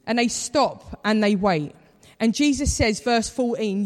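A preacher delivers a sermon like he's telling a story, conversational and acting out the quoted voices. His medium-pitched voice is animated but unhurried, carried by the long reverb of a large hall.

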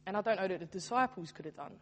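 Speaking very fast with lively intonation, a medium-pitched young woman preaches a sermon in a church hall, where long reverb lingers. She's a church youth worker with an earnest, conversational style.

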